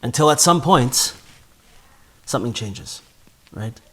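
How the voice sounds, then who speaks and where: A man's voice: mid-range voice, expressive, takes it slowly, fairly bright tone. A man giving a spoken Torah class in an earnest way, often repeating words as he builds a point. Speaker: Torah teacher.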